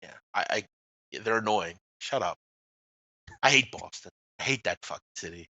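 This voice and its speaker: A man's voice: fairly low pitch, expressive, a little fast, pushed and bright, no room sound, lo-fi sound. A man co-hosting a casual sports talk show, blunt and trash-talking, often trailing off at the ends of phrases. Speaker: co-host. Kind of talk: casual sports radio banter.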